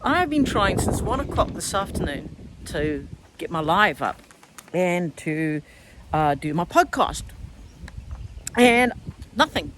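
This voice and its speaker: A woman's voice: fairly low pitch, slow pace, pauses often. Frank outspoken woman outdoors, wind on mic. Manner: frank, swears freely, animated and excitable. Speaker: spiritual channeller and podcaster. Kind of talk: casual storytelling vlog. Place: outdoors, standing on the ground.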